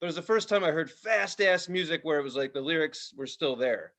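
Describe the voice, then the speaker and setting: Man in his 40s, podcast co-host, lively storyteller who swears and acts out voices, slightly high-pitched. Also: fairly quick. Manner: animated storyteller, swears freely, acts out quotes. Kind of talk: casual chat.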